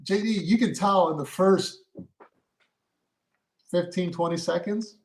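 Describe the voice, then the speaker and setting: High-voiced man explaining acting. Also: measured pace, rough recording. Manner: explains at length with many restarts. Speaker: podcast co-host and actor. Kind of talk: casual chat.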